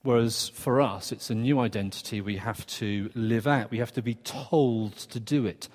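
A man delivers a sermon in an earnest, conversational way, stopping for quick asides and restarting his phrases as he goes. His voice sits in an ordinary middle register. The recording carries the long, lingering reverb of a church hall. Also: mid-range voice, animated, darkish tone. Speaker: preacher.

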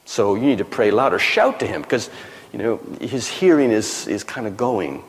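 A man voicing a sarcastic male prophet who mocks his rivals with drawn-out, taunting questions. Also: on the low side, lively intonation. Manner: taunting, drawn-out mock sympathy. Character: sneering mocking male prophet, adult, sarcastic. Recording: long hall reverb.

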